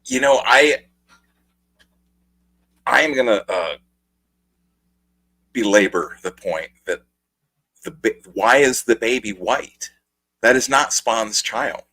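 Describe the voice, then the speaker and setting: A man's voice: mid-range voice, expressive, takes it slowly, long pauses, sharp tone, rough recording. A man as a guest on a comic talk show, asking incredulous questions and laughing often. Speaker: guest co-host. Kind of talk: casual chat.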